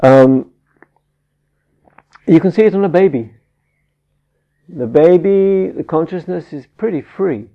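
A slow-spoken man with a gravelly, slightly high voice gives a Buddhist dharma talk. He halts, restarts and searches for words as he teaches. The recording sounds dull and lo-fi. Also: mellow. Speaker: meditation teacher.

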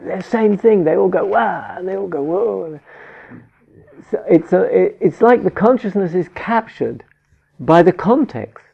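A man teaching a Buddhist dharma talk, halting and searching for words with frequent restarts, on a dull lo-fi recording. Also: high-pitched, gravelly. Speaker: meditation teacher.

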